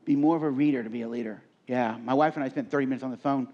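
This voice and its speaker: A man's voice: mid-range voice, rapid-fire, lo-fi sound. A middle-aged man speaking at a live leadership seminar, telling stories and asking the audience questions in a conversational way. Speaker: workshop speaker.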